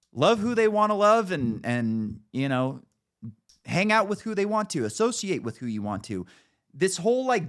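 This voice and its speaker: Animated, profane man ranting. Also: fairly high pitch. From United States. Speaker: podcast host. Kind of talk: casual podcast rant.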